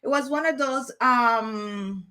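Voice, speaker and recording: A woman's voice: fairly high pitch, slow pace, pushed and bright. A woman hosting a casual chat show for her viewers, talking directly to them in a chatty way and often repeating herself. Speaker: beauty channel host.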